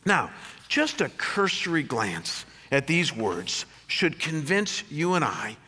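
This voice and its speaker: A male pastor delivers a sermon in a church, his voice bright and forceful and a touch high. He swings from loud, lifted emphasis to soft, low asides. Long reverb trails each phrase. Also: slow pace, husky. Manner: animated preaching with sudden loud rises and soft drops.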